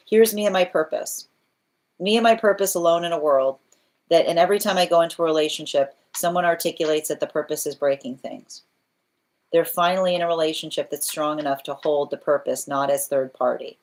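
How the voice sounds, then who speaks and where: A woman giving a live tarot reading, earnest and repetitive, often restarting phrases and checking in with "right?". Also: fairly low pitch. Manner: restarts phrases while thinking aloud. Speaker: tarot reader.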